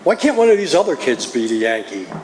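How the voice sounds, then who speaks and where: Speaking fast with big swings in pitch, a middle-aged New Jersey man shares his personal testimony at a recovery meeting in an earnest, confessional manner. His mid-range voice has a darkish tone. Slight background noise and faint ambience fill the roomy meeting hall.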